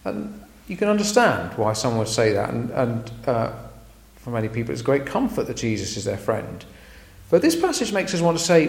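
A man preaching a sermon in a lively, emphatic way, with frequent ums. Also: medium pitch, a little fast, creaky. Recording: echoey room.

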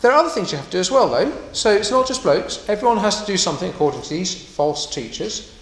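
A man preaching a sermon in a conversational, animated way, slipping into quoted voices and asides. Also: high voice, fast, roomy sound, rough recording.

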